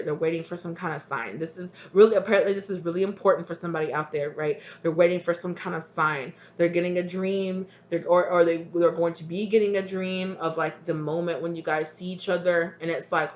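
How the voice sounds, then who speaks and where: A woman's voice: lowish voice, fairly even intonation, brisk, hardly any pauses. A woman giving a casual tarot reading to her viewers, rambling with many fillers. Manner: rambling, filler-heavy, with frequent "like". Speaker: tarot reader. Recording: dull lo-fi recording.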